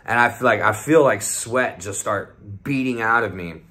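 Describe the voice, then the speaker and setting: A man's voice: lowish voice, moderate pace, bright, forceful tone. A young man telling a rambling, heavily profane story in a casual vlog, often acting out what his friends said. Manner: profane, rambling, swears constantly; acts out the voices of friends in quotes. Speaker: vlogger telling a trip report.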